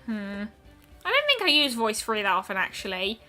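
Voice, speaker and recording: Bright-voiced woman chatting through gameplay. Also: mid-range voice, wildly swooping pitch, normal speed, faint music behind. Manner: chatty and musing, trailing off with frequent ums. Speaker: streamer. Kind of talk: casual gameplay commentary.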